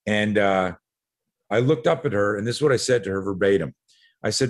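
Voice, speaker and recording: A man's voice: fairly low pitch, a little fast. A man in his sixties from Canada, a podcast guest who tells stories with energy, acts out other people's lines and often repeats words mid-sentence. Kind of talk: animated storytelling.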